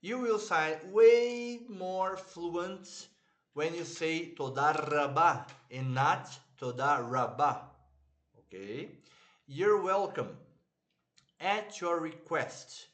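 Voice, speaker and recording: Slow, patient male Hebrew teacher. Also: high voice, lively intonation. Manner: slow, patient, repeats words for students, clears throat often. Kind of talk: online language lesson.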